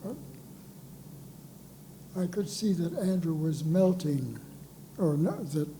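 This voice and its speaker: A former dean recalls an anecdote at a panel talk, speaking slowly and pausing to remember. The telling is unhurried and reflective. Background noise is clearly audible in the hall recording. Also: mid-range voice, expressive, dark tone. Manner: unhurried, reminiscing, halting. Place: lecture hall.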